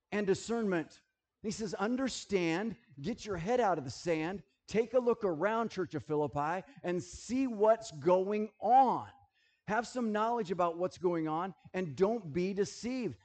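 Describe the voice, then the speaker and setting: A man preaching a sermon, animated and jokey, who keeps checking that his listeners are following. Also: sits high. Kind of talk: sermon with object lessons.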